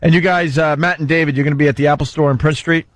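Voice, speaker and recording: A man hosting a radio talk show, briskly wrapping up segments and reading plugs. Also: fairly high pitch, steady tone, no room sound.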